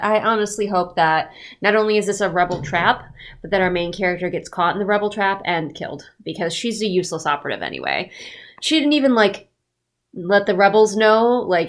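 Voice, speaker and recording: A woman's voice: medium pitch, expressive, moderate pace. A congested woman giving a sarcastic recap of a novel, mocking the characters in put-on voices. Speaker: book reviewer. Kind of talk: sarcastic book recap commentary.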